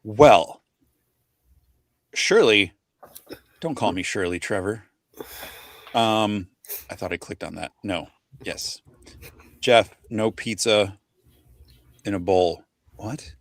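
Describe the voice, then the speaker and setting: Rambling, self-deprecating man host, low voice. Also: extremely slow, long pauses, dry recording. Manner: rambling, self-deprecating, stumbles over names. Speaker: podcast host. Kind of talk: casual livestream chat.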